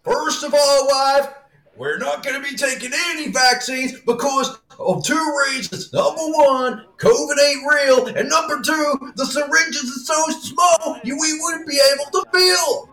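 A man voicing a blustering anti-vaxxer giant husband who lectures his wife in a loud, pompous shout. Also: very high-pitched, unhurried, roomy sound, recorded from a distance, voice pushed up, heavily acted, poor audio.

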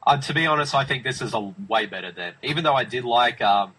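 A man's voice: medium pitch, lively intonation, fast talker, pushed and bright, slightly rough, poor audio. A man talking films in a casual review chat, enthusiastic and emphatic, often restarting his sentences. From Australia. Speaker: film review podcast host.

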